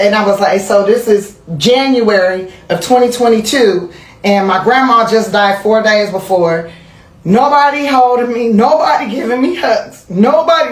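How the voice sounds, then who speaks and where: A woman telling a candid personal story in a casual interview, animated and profane, laughing as she goes. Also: medium pitch, roomy sound. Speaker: interview guest.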